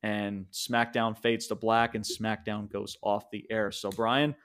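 Excited man recapping wrestling casually. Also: on the low side, measured pace. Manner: excited, rambling with restarts and mild swearing. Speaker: podcast co-host.

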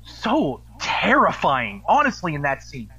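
A man hosting a casual chat, animated and quick to swear and laugh. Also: a little high, husky. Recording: dull lo-fi recording.

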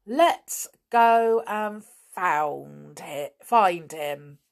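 A woman's voice: fairly low pitch, lively intonation, drawn-out words, vocal fry, exaggerated voice. A woman voicing a bold, eager circus boy in a storybook reading. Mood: curious.

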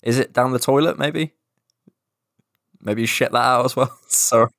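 A man's voice: medium pitch, normal speed, a bit bright, no room sound, clean studio sound. A young man co-hosting a casual podcast, chatty and rambling, swearing casually. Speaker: podcast co-host. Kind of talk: casual chat.

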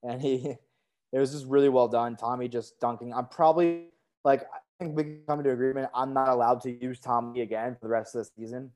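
A man's voice: mid-range voice, steady tone, a little fast. Enthusiastic man co-hosting a recap podcast. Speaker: podcast co-host. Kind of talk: casual TV recap chat.

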